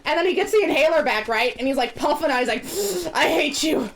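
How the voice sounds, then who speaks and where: A woman's voice: high-pitched, animated, fast, a little hiss or hum. A woman streaming a video game, chatting casually in a rambling way and laughing often. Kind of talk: casual chat while gaming.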